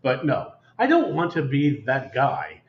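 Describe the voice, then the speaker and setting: A man's voice: medium pitch, wildly swooping pitch, a little slow. A man co-hosting a casual chat show, telling stories with playful exaggeration. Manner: joking storyteller, playful exaggeration. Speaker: co-host. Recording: roomy, dull lo-fi livestream sound.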